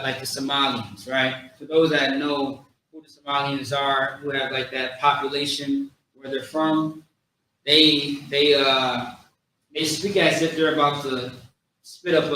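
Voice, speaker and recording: A man giving an informal lesson, slowly repeating and drawing out each sound. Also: medium pitch, sharp tone. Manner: slow, repetitive, drawing out sounds. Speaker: teacher. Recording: echoey room, distant mic, faint noise.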